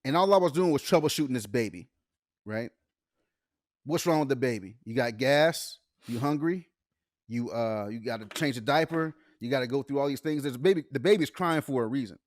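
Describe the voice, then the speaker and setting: A man's voice: mid-range voice, brisk, no room sound, clean studio sound. A young man co-hosting a podcast, telling casual stories with a lot of laughter and acted-out dialogue. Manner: laughs often, animated storytelling with acted-out dialogue. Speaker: podcast co-host. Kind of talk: casual chat.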